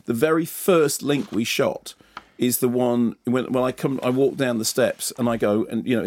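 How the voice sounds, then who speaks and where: A man's voice: mid-range voice, moderate pace, a little mellow, no room sound. A middle-aged man from Essex, a film critic telling rambling, self-deprecating stories in casual chat. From Essex, England.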